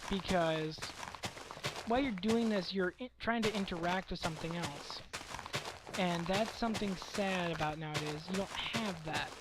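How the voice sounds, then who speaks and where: A young man with a scratchy, hoarse voice from a cold, rambling and ranting casually over a game he is playing, often correcting himself. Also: high-pitched, normal speed. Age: young adult. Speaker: let's play commentator. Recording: faint background noise.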